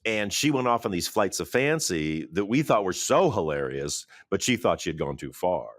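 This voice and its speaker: A man, a film director, talking in an interview from his office, animated, laughing often and acting out quotes. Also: low-pitched, moderate pace, noisy background. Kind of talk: interview conversation.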